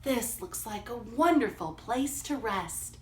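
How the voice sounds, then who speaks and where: A woman's voice: fairly high pitch, expressive, slow pace. A woman voicing a grumpy, easily angered male cap peddler in a storybook reading, scolding and raising her voice. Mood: calm. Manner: scolding, rising to shouted anger. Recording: roomy, from a distance.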